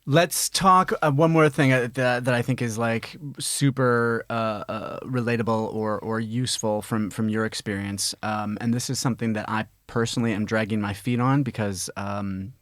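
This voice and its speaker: A man's voice: medium pitch, steady tone, normal speed, few pauses, fairly bright tone, no echo. A man hosting a podcast in a studio, chatty and playful, often stopping and restarting his sentences. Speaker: podcast host. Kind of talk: casual podcast chat.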